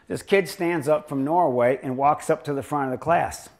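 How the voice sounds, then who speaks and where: An older man with a voice a bit higher than most men gives a lecture as a chiropractor. He jokes and rambles through his stories with a sarcastic edge. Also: moderate pace. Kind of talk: humorous lecture storytelling.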